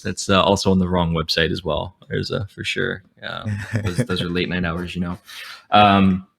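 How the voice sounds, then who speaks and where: A young man talks on a podcast in a deep voice that still has a bright, forceful edge. He is chatty and high-energy, full of "like" and "um" as he goes. His tone stays casual throughout. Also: normal speed, creaky. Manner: talkative, energetic, many fillers and restarts. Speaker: podcast guest, streamer. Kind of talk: casual chat.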